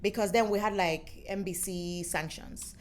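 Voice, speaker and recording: A young adult woman with a Nigerian accent, telling her story as an interview guest in lively, playful chat and acting out the voices of others. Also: medium pitch, a little slow. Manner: animated, playful storyteller who acts out quotes. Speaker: musician and former radio presenter, interview guest.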